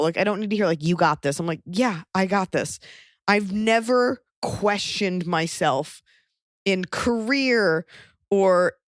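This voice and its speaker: A woman's voice: mid-range voice, dry recording, studio quality. A woman in her thirties hosting a podcast, giving blunt, sarcastic advice in casual chat. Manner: blunt, sarcastic, quick asides. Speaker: podcast host.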